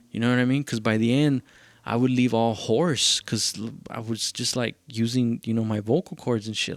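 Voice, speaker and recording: A young man hosting a podcast, telling a rambling story in casual, profane talk and acting out what others said in quick bursts. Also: lowish voice, fairly even intonation, no room sound, clean studio sound. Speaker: podcast host.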